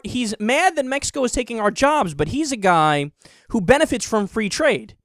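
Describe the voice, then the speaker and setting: A man's voice: extremely high pitch, vocal fry, fairly bright tone, no room sound, clean studio sound. A man giving online political commentary in a sarcastic, mocking and profane ranting manner.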